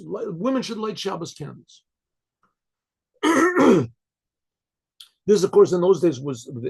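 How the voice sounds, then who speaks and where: A man, a rabbi, telling a story in a loose, conversational way. He clears his throat often and restarts his sentences. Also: high voice, a little mellow.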